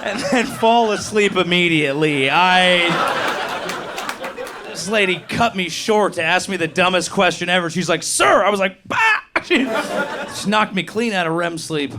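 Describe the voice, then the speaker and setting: A young man doing a crude, animated stand-up set, acting out people with quick voices. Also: high-pitched, a crowd in the background. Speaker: stand-up comedian. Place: comedy club stage. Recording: live club recording with audience noise.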